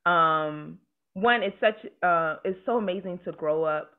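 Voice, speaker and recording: Slow-talking woman host over a tinny line. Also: on the low side. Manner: relaxed, hesitant with many fillers. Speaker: podcast host. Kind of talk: casual interview chat.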